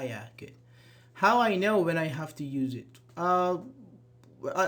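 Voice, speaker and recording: A man teaching an online English grammar class, reading example sentences aloud and quizzing his students. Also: a little high.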